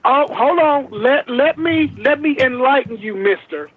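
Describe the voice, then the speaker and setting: A man's voice: very high-pitched, lively intonation, a little slow. A male caller scolding and lecturing the hosts over a phone line. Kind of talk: call-in comment.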